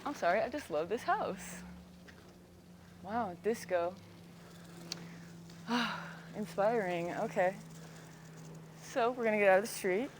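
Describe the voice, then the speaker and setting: A woman's voice: medium pitch, slow pace, long pauses, noisy background. A woman roller skater chatting casually outdoors on a street, bubbly and full of "like". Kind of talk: casual chat.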